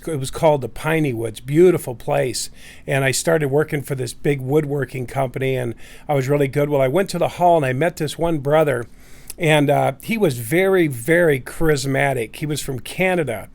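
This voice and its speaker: A man's voice: on the high side, creaky. Rambling middle-aged man telling a story. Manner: rambling, many fillers and restarts. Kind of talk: casual personal storytelling.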